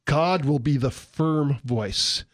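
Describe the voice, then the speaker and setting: A joking, folksy man with a slightly high voice explains scripture in casual talk. The recording is dry and close, with no room sound. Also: takes it slowly, no room sound. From San Diego, California. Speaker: Christian radio co-host. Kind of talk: casual Bible teaching chat.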